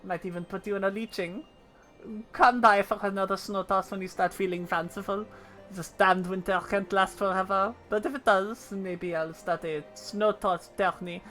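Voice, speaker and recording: A woman's voice: mid-range voice, fairly even intonation, normal speed, fairly bright tone, faint music behind, natural voice. A woman voicing a chatty villager in a game with a put-on French accent, tacking "eh?" onto her sentences. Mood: chummy. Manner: folksy, tacks on "eh?". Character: chatty folksy villager in a snowy town.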